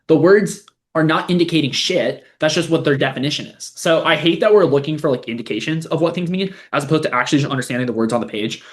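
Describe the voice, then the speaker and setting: A man's voice: a little high, quick pace, few pauses. A young man hosting a podcast, casually reading a post aloud and picking it apart in a blunt, sarcastic way, swearing freely. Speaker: podcast host, LSAT tutor.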